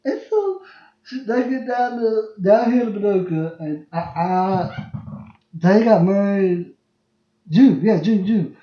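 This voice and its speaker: Speaking slowly in a high-pitched voice with lively intonation, this podcast host in his 20s rambles through family stories on a livestream, laughing and repeating himself. It's casual storytelling picked up by a phone, with roomy, dull lo-fi audio.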